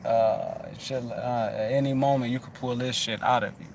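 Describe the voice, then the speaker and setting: A man talks to his listeners in a loose, rambling way, swearing freely and doubling back on his words. His pitch sits in the everyday middle range. Faint noise hangs in the background. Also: steady tone, normal speed, vocal fry, a little mellow. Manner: rambling, loose and profane, with many restarts. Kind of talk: casual chat.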